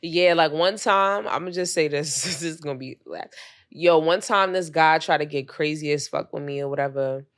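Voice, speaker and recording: Young woman, lowish voice, podcast co-host, casual slangy chat. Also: normal speed. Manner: loose, slangy storytelling.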